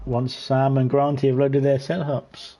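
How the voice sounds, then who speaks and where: A man's voice: mid-range voice, level tone, a little slow, crowd noise. Chatty man hosting a racing stream. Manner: laughs often while talking, loose and chatty. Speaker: host of an online racing league. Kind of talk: casual live race commentary.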